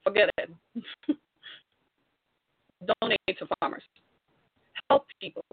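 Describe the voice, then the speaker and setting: A woman's voice: medium pitch, lively intonation, slow pace, gravelly, slight background noise. A woman delivering an impassioned monologue straight to viewers, preachy and exhorting, full of rhetorical questions. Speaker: commentator. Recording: tinny phone-like sound.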